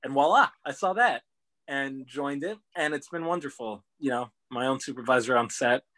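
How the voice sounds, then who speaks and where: A man's voice: medium pitch, moderate pace, pushed and bright. A man in his twenties, a guest on a chat show, talking eagerly about his work in a casual, rambling way. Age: 20s. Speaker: podcast guest.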